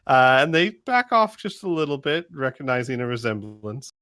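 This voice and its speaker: Lively, bright-voiced man as game master. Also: medium pitch, moderate pace, clear, resonant tone. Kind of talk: narrating a tabletop game.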